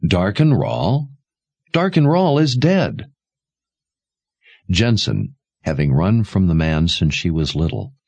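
A man reads a fantasy novel aloud in a very deep voice, measured and expressive. His pitch moves a lot across each sentence, and the recording is dry and close with no room echo. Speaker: audiobook narrator. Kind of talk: scripted fantasy narration.

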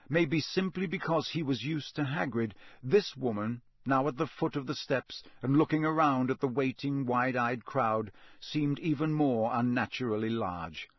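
A man reading a storybook aloud in measured scripted narration. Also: mid-range voice, no room sound. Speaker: audiobook narrator.

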